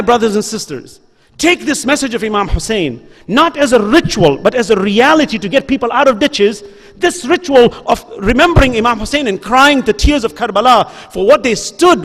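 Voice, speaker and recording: Impassioned high-voiced man preaching. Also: big pitch swings, moderate pace, fairly bright tone. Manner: earnest, repetitive rhetorical questions and appeals. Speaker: lecturer at a religious gathering. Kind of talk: impassioned religious lecture. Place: school hall before an audience. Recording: reverberant hall.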